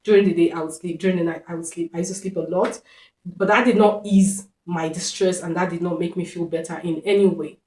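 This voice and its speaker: A woman's voice: on the low side, fairly even intonation, a little fast, a little mellow. A woman vlogger telling a personal story in an earnest, reflective way, repeating phrases for emphasis. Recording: roomy echo.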